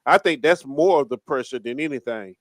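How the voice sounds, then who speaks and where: A man's voice: mid-range voice, expressive, brisk, no room sound. Sports podcast guy jumping in, repeats himself, dry close mic. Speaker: podcast co-host. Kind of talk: casual sports chat.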